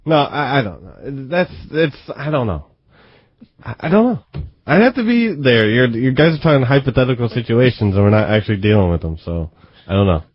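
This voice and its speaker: A man's voice: medium pitch, animated, a little fast, husky, no room sound. Mumbling, defensive man on talk radio. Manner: mumbling, defensive, short replies. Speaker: show staffer being teased. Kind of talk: radio talk show banter. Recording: dry, dull radio broadcast.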